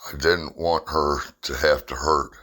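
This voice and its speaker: A man's voice: extremely low pitch, fairly even intonation, a little slow, pushed and bright. A middle-aged man telling a personal story in a plainspoken, rambling way with blunt humor.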